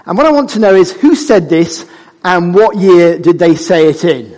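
Animated husky male preacher in a reverberant church. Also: high-pitched, moderate pace. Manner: animated and conversational, jokes with the congregation. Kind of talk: sermon. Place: church hall. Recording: church hall with long reverb.

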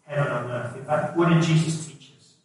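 A man's voice: fairly high pitch, steady tone, brisk. A middle-aged man preaching a sermon in a conversational way, putting questions to the congregation. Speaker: pastor. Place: church hall. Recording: echoey hall, voice from a distance.

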